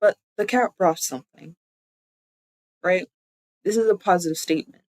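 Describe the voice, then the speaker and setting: A streamer talks through a casual live-stream lesson, chatty and loose, often correcting themself mid-sentence. The voice sits at a middling pitch and sounds dry and close, with no room around it. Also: normal speed, dry recording, poor audio. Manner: chatty, loose explanations full of "like"; self-correcting, thinking aloud. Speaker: streamer teaching language.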